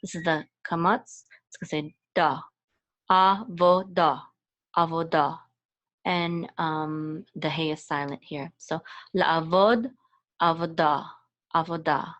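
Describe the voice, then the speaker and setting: A woman's voice: deep voice, steady tone, takes it slowly, fairly bright tone, lo-fi sound. A woman teaching a Hebrew reading lesson, walking patiently through letters and vowel sounds one at a time, with frequent hesitations and restarts. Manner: spells out sounds and syllables one by one. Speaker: Hebrew and Torah chanting teacher. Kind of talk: slow step-by-step reading lesson.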